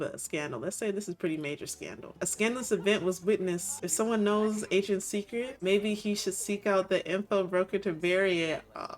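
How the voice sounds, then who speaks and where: A woman's voice: lowish voice, normal speed, few pauses, soft background music. Giggly woman narrating her game. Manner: giggly, chatty, voices characters in quotes. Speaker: gaming video creator. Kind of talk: casual gameplay commentary.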